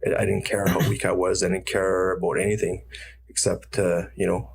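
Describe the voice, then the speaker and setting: Animated man telling a fight story. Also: low-pitched, brisk, gravelly, a little hiss or hum. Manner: animated storyteller, acts out quotes, swears freely. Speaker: guest, retired fighter. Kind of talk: casual storytelling interview.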